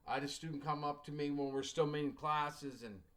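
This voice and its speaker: A man's voice: fairly high pitch, fairly even intonation, fairly quick, fairly bright tone. A middle-aged male writing teacher talks to his class in a loose, folksy way. He drifts into anecdotes and acts out the dialogue, with wry joking asides.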